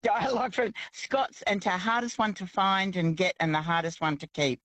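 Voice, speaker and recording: A man's voice: sits high, fairly even intonation, moderate pace, a bit bright, no room sound. A man from Australia calling in to a talk show. He talks hesitantly, restarting his sentences, and his voice sounds dry and close.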